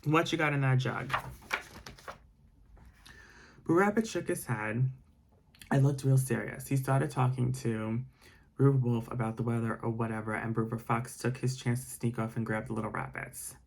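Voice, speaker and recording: Guy doing asmr bedtime story reading, gravelly voice, rambly soft asides. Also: medium pitch, fairly even intonation, moderate pace.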